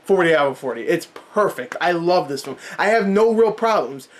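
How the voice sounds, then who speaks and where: A man giving a casual to-camera movie review, pleading and emphatic with the viewer, his voice going hoarse. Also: a little high, expressive, moderate pace.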